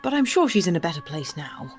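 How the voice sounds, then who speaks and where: A streamer voicing a nervous, soft-spoken pastor in a visual novel, read out gently. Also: medium pitch, sing-song, brisk, faint music behind. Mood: gentle.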